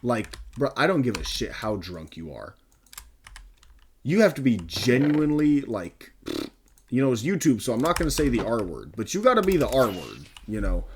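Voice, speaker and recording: A young man tells a storytime tale in an exasperated, rambling way, full of swearing. His voice sits at an ordinary middle pitch. A faint noise, like keyboard clicks, runs behind him. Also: sing-song, moderate pace. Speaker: store worker telling a story. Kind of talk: casual storytime.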